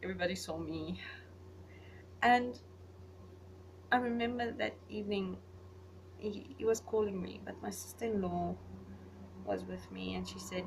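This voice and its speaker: A young woman vlogger casually recounting personal memories, rambling and getting animated when she retells conversations. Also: mid-range voice, measured pace, creaky, long pauses. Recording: voice a little far from the mic, faint background noise.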